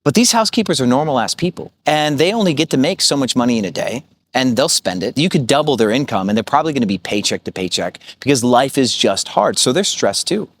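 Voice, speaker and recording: A man's voice: medium pitch, expressive, fast. A man in his thirties coaching rental hosts in a blunt, profane, storytelling way, full of fillers like "like" and "right?". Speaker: short-term rental business coach. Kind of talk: casual vlog monologue.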